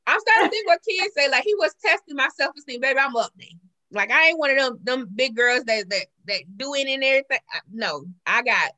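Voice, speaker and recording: A woman's voice: sits high, brisk, rough recording. A woman chatting casually with co-hosts, telling stories and acting out what people said. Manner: animated storyteller, acts out quoted dialogue. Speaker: co-host. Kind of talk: casual chat.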